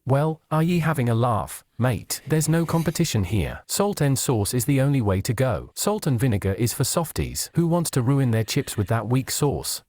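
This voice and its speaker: A brash, cheeky Glaswegian AI chatbot, voiced by a synthetic male text-to-speech voice. It banters and mocks in a mid-pitched tone and makes a weak attempt at a Scottish accent. The sound is dry and close. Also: very animated, moderate pace, few pauses, a little mellow, no room sound, close to an everyday voice. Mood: scornful. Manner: cocky, bantering, mocking.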